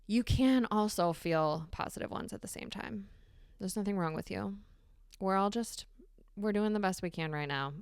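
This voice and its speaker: A woman hosting a solo podcast, talking candidly and swearing freely with animated emphasis. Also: fairly low pitch, clear, resonant tone, no room sound, studio quality. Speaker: podcast host. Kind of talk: casual solo podcast monologue.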